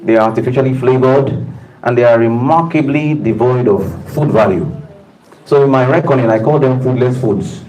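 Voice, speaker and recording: A man's voice: medium pitch, normal speed, a little mellow, muffled recording. A man giving an emphatic, preacher-like talk to a live audience in a room, calling out to the listeners. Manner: emphatic preacher-like delivery with audience call-outs. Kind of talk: motivational talk to staff.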